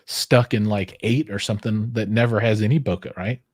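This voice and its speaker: A man hosting a casual livestream chat from home, joking and acting out quoted voices, talking into a boom-arm microphone. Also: steady tone, brisk, no room sound, studio quality. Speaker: livestream host. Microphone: headphones with a studio microphone on a boom arm.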